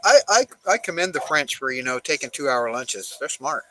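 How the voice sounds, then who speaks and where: A man's voice: mid-range voice, big pitch swings, moderate pace, bright, forceful tone, a little hiss or hum, rough recording. A man who is a guest on a live stream, chatting casually, joking and rambling with many restarts. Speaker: guest artist.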